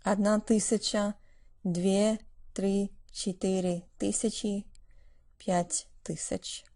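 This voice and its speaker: A woman teaching a language lesson in a clear, patient way, explaining pronunciation step by step. Her voice sits at an ordinary middle pitch. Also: level tone, takes it slowly, mellow.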